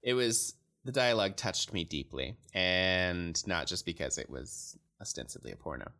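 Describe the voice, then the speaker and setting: A man's voice: low voice, expressive, normal speed, sharp tone. A man co-hosting a podcast in casual chat, recapping an episode and joking with frequent laughter. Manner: laughs often, joking and playful. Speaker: podcast co-host.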